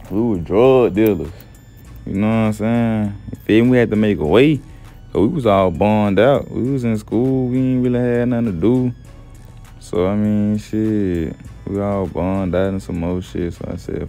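Young man, very low voice, laid-back profane storyteller, faint music underneath. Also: vocal fry, mellow. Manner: laid-back, profane, says "you feel me" often. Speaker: gameplay storyteller. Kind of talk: casual slangy story narration.

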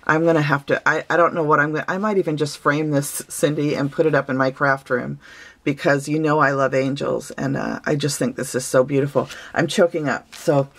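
A woman's voice: sits low, steady tone, fairly quick. A woman opening handmade gifts on her craft vlog, gushing and sentimental, with many fillers. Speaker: craft vlogger. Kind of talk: casual gift-opening vlog.

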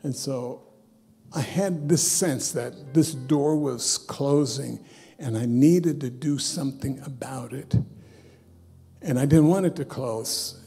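A man preaching a sermon in a church as a bishop, telling a personal story and swinging from loud bursts down to soft, hushed asides. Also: medium pitch, slow, soft background music. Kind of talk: sermon testimony. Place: church sanctuary.

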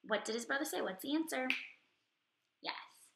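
A woman teaching first grade, reading a story and leading phonics with slow, clear, drawn-out words and questions for the children. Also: high voice, lively intonation, reverberant, noisy background. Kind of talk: recorded reading and phonics lesson.

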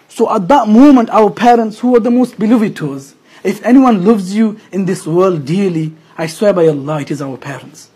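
Brief: man preaching in a mosque, impassioned, high and husky. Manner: impassioned, swinging from loud to hushed. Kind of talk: emotional sermon. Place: mosque gathering.

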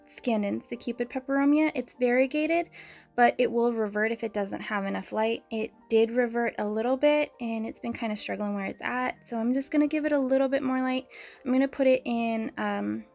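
A woman's voice: fairly high pitch, fairly quick, creaky, a little mellow, soft background music. A young woman chatting casually as she builds a plant shelf and shows her houseplants, laughing often as she talks. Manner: chatty and giggly, frequent small laughs. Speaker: plant vlogger. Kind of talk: casual DIY vlog narration.

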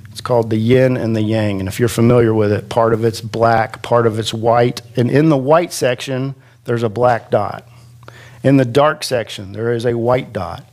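A man preaching a sermon as pastor in a church classroom, chatty and self-deprecating, slowing down to stretch out quoted scripture for emphasis. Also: medium pitch, a little mellow. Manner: slow, conversational preaching with self-deprecating asides.

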